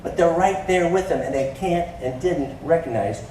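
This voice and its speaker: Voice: mid-range voice, lively intonation, moderate pace, background noise. A pastor giving a casual, joking sermon in a church, acting out the story's dialogue. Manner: conversational and joking, acts out quotes. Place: church sanctuary. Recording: echoey church hall, far from mic.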